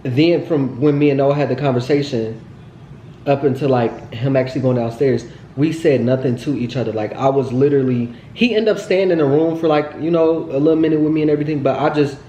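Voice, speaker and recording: A man's voice: mid-range voice, steady tone, brisk, dark tone, a little hiss or hum. Heated storytelling man in an echoey room. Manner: heated, profane retelling with lots of fillers. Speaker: storytime vlogger. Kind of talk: casual storytelling to viewers.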